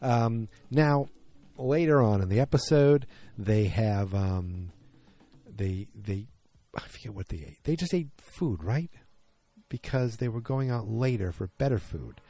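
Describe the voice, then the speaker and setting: Brief: male podcast host, lower voice, mellow tone, casual rambling recap full of ums. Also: lively intonation, a little slow, no room sound. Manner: rambling, many fillers and restarts. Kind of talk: casual solo episode recap.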